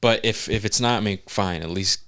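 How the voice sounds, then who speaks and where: A man co-hosting a casual gaming podcast, excitable and swearing freely, throwing in "bro" and "man" a lot. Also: on the low side, fairly quick, a little hiss or hum. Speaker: podcast co-host. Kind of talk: casual chat.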